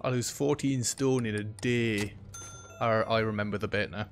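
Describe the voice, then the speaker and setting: A man's voice: lowish voice, steady tone, normal speed, soft background music. Jokey man commentating a game. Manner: chatty, jokey, talks to game customers. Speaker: gaming YouTuber. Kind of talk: let's play commentary.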